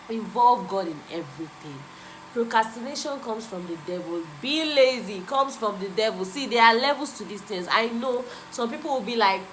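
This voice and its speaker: A woman's voice: medium pitch, a bit bright, a little hiss or hum, rough recording. A young woman vlogger giving an emphatic, repetitive motivational talk and driving each point home. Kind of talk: motivational self-help talk.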